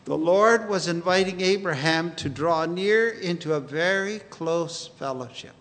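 High-voiced, unhurried male preacher. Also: fairly bright tone, in a large hall. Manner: earnest, unhurried preaching with scripture quotes. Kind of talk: sermon.

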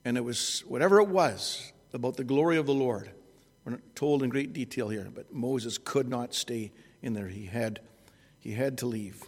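A man preaching an expository sermon at an unhurried pace, often restarting and correcting himself. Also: medium pitch, husky, long reverb tail.

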